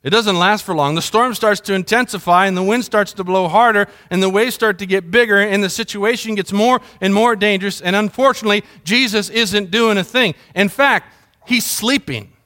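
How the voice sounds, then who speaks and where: Middle-aged man, pastor, sermon delivery with a high-set voice, chatty and story-driven. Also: normal speed, pushed and bright. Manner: conversational storytelling, mimics sounds.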